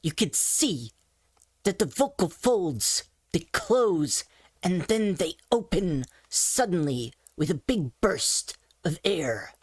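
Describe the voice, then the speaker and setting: A woman's voice: lowish voice, very animated, slow pace, husky, dry recording. A woman casually teaching voice training, thinking aloud with asides and self-corrections as she explains. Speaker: voice coach. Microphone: desk mic on a face-tracked avatar setup.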